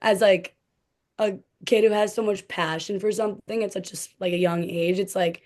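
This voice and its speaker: A woman's voice: medium pitch, fairly even intonation, normal speed, darkish tone. Chatty young woman retelling a story. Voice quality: frequent "like" fillers, light laughs between words. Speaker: podcast guest, former cheerleader. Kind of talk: casual storytelling chat.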